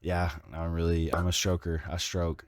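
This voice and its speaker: Guy on a live stream podcast, really low voice, dry close sound, joking around. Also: completely flat delivery, moderate pace, smooth, dry recording. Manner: playful, slangy, teasing. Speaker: podcast co-host. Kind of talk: casual livestream chat.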